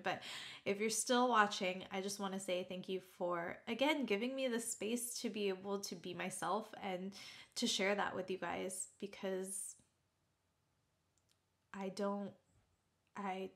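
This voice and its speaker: A woman vlogger speaking to her viewers in a heartfelt, reflective way, halting at times with restarts. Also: medium pitch, gravelly, fairly bright tone. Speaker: YouTuber. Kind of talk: heartfelt talk to camera.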